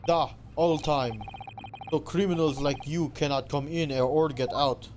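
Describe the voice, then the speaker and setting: A streamer voicing a boastful male Russian ship crewman, loud and stern in broken English, with a put-on Russian accent. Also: fairly high pitch, steady tone, measured pace, noisy background, lightly acted.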